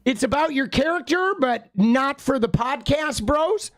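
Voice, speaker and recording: A woman's voice: sits high, lively intonation, unhurried. A woman co-hosting political commentary on a livestream, sarcastic and full of rhetorical questions. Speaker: livestream co-host.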